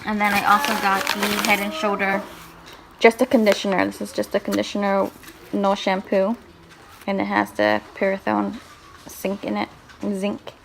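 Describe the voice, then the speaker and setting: Chatty young mom vlogger, rambling and laughing, handheld camera, clear background noise. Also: female voice, mid-range voice, moderate pace. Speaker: vlogger, mother. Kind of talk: casual vlog talk to camera. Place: stores and home, in and out of doors.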